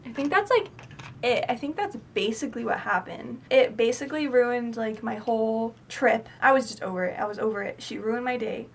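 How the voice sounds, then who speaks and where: Chatty teenage girl, slightly high voice. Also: moderate pace, gravelly, slight background noise. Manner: chatty, heavy filler, emphatic. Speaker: vlogger. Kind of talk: casual storytime.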